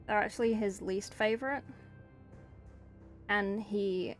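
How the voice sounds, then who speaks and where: A woman's voice: mid-range voice, fairly even intonation, slow, faint music behind. A woman streamer chatting casually while painting, self-deprecating, swearing and giggling. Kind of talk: casual livestream chat.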